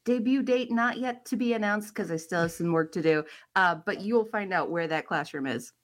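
A woman's voice: medium pitch, brisk. Forties woman on morning radio, upbeat teasing chat. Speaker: radio show guest and co-worker.

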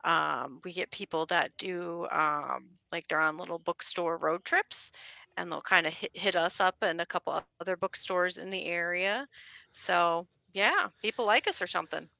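Gravelly, wry woman guest. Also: fairly low pitch, moderate pace, no echo. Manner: relaxed, wry humor. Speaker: bookstore owner, guest. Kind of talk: casual interview answers.

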